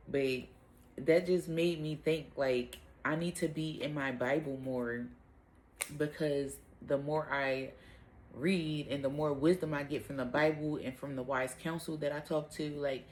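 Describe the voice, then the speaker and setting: A woman's voice: very deep voice, a little hiss or hum. A young adult woman hosts a casual devotional talk, conversational with fillers and self-corrections. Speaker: host of a Bible talk.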